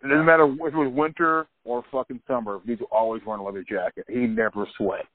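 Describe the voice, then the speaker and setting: A man's voice: medium pitch, fairly even intonation, fast talker, no room sound. A man from Texas ranting bluntly and profanely in casual chat. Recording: dry, phone-like audio.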